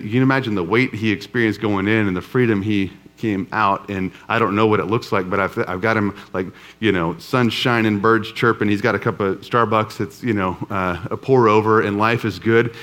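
A pastor with a drawl tells a parable to his congregation in a loose, chatty sermon. His voice sits on the low side, and he speeds up through the story and slows for the serious points. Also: a bit bright. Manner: conversational storytelling with humor. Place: church before a live congregation.

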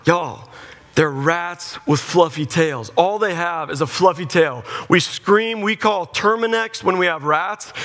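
A middle-aged preacher delivers a funny sermon story with a bright, forceful, slightly high voice. He jokes with the congregation and acts out both sides of conversations. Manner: animated, joking, acts out conversations. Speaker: pastor. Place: church before a live audience.

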